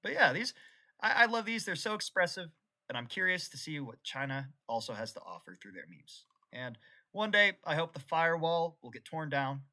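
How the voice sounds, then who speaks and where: An animated young man rambles unscripted in a casual vlog, his voice bright and sharp. His pitch swings widely as he jumps from excited laughter to mock-solemn seriousness. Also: normal speed. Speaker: YouTuber.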